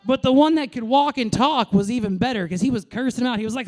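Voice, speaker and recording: A New York-born woman in her thirties does a brash, crude stand-up set into a stage mic. Her voice sits at medium pitch, and she talks fast with few pauses, landing animated punchlines.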